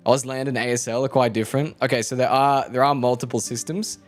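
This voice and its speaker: A man's voice: mid-range voice, fairly even intonation, fast talker. A man in his twenties chats loosely with viewers on a live stream. He rambles, jokes and swears as he goes, with faint music playing behind him. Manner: rambling, joking, swears freely, talks to chat. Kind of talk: casual stream chat with viewers.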